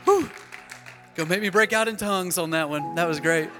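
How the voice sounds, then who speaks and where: A man's voice: high-pitched, moderate pace, music in the background, a crowd in the background. A man, a pastor, preaching a sermon and telling a story with dramatic emphasis, acting out the voices of the people in it.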